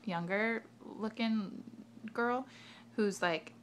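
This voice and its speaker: A woman's voice: a little high, drawn-out words, a little hiss or hum. A young adult woman vlogger telling a rambling story in a casual way, full of fillers and asides.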